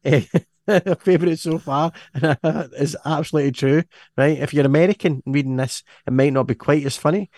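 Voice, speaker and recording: A man's voice: a little high, normal speed, a little mellow, no echo, clean studio sound. A Scottish man hosting a casual podcast chat, rambling and chuckling as he reads items out. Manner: rambling, chuckling, self-interrupting. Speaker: podcast host.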